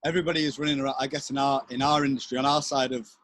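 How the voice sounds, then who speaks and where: A man from the wine trade speaking on a video call, hesitant and thoughtful, with halting restarts. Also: medium pitch, steady tone, a bit bright, no room sound, low-quality recording. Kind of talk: casual chat on a video call.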